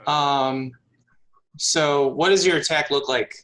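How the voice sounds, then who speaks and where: A man narrating a tabletop game as game master, unhurried and full of fillers. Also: fairly high pitch, fairly even intonation, a bit bright, rough recording.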